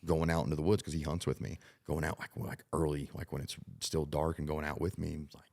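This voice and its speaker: Man in his 30s, podcast host, extremely low voice, reflective, lots of "like", studio mic. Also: level tone, brisk, vocal fry, darkish tone. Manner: reflective, thinks aloud with many "like" fillers. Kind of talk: casual podcast conversation.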